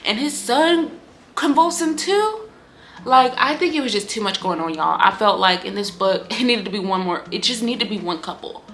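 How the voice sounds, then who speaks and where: A woman giving a casual book review on her vlog, talking in an animated, candid way, swearing freely and acting out lines from the story. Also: a little high, moderate pace, slight background noise. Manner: animated, candid and profane, acts out quotes.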